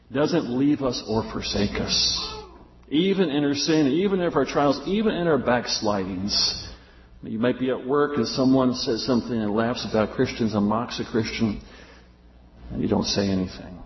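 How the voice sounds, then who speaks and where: A man's voice: mid-range voice, moderate pace. A man preaching a sermon in a conversational way, acting out the voices he quotes. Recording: roomy, dull lo-fi recording.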